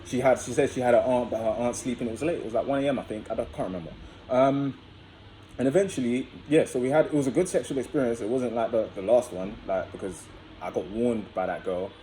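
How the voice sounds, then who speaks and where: A man's voice: medium pitch, quick pace, mellow, a little hiss or hum, poor audio. A young man vlogging, telling a personal story in a chatty, casual way and often addressing viewers as guys.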